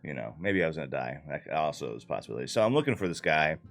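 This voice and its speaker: Rumbling low and rapid-fire, this man's sing-song voice carries vocal fry over soft background music. He's a player loosely recapping a tabletop campaign session, speaking casually, swearing and using lots of fillers.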